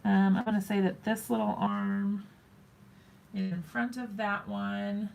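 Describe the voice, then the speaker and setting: Woman streamer, unhurried delivery, vocal fry, chatty and self-mocking with her viewers. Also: mid-range voice, little pitch movement, a little mellow, slight background noise. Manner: talks to viewers while working, thinks aloud, self-mocking. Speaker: craft live stream host. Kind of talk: chatty live crafting demo.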